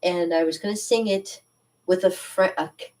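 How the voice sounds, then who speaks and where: A woman's voice: on the low side, fairly even intonation, moderate pace, a little mellow, distant mic, low-quality recording. Rambling, chatty woman a bit off-mic. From Canada. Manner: rambling, sidetracked, laughs often. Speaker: cartooning channel host. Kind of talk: casual chat to viewers.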